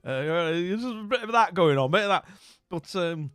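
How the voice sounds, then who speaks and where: A man's voice: fairly high pitch, animated, moderate pace, a bit bright, smooth, no room sound, clean studio sound. A British man telling a casual anecdote as a channel host, rambling with lots of asides and self-mocking jokes. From Britain. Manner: rambling, chatty, full of asides and self-mockery.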